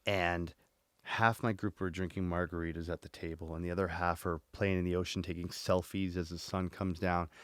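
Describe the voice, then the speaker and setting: A man in his forties, a podcast guest, telling his story in a lively way and acting out his inner dialogue. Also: low voice, moderate pace, clear, resonant tone, dry recording. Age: 40s. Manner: animated, acts out inner dialogue, swears casually.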